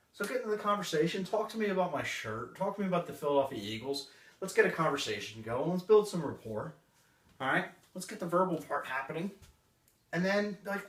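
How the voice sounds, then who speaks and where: A man's voice: on the high side, a bit bright. A man training a live audience on sales, with a punchy way of talking and short acted customer exchanges. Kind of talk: live seminar talk. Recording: roomy, distant room recording.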